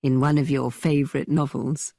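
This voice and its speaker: A woman voicing a teasing young man who tells spooky tales in a dramatically low voice. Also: little pitch movement, normal speed, vocal fry, no room sound, clean studio sound, full character voice. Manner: dramatically low, hushed storytelling.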